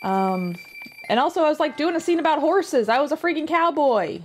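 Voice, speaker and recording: A woman livestreamer chatting casually while she plays, rambling along with lots of fillers and quick asides. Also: sits high, lively intonation, soft background music. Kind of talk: casual chat while gaming.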